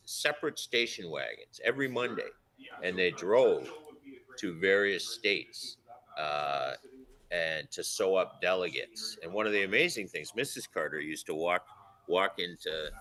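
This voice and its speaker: A man, a historian and radio guest, telling stories with enthusiastic, animated emphasis. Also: low voice. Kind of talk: phone-in radio commentary.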